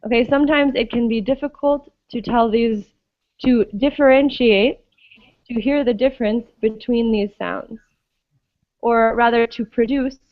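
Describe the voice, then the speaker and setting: A woman's voice: on the high side, no room sound, narrow, tinny audio. A woman teaching an English pronunciation class, patiently explaining and often checking understanding with "okay?".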